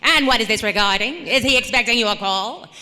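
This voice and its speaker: A woman voicing a polished 1950s office secretary answering the phone with crisp, formal politeness, recorded in an echoey convention hall. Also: fairly high pitch, brisk, pushed and bright.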